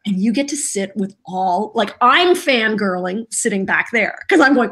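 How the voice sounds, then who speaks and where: Animated middle-aged woman telling stories. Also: fairly high pitch, unhurried, few pauses. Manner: animated, self-deprecating storyteller. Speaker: voice actress guest. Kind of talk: casual interview storytelling.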